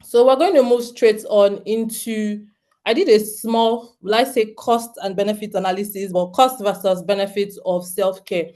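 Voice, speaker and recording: A woman's voice: medium pitch, fairly even intonation, moderate pace, warm tone. A Nigerian woman in her thirties giving an earnest, direct talk to homeschooling parents, often turning to the audience with questions. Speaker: homeschooling speaker.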